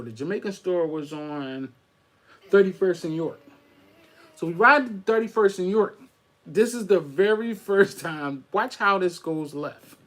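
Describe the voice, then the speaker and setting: A middle-aged man tells a story on his podcast. His voice sits a little high, and he delivers it in animated street slang. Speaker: podcast host. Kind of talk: casual storytelling.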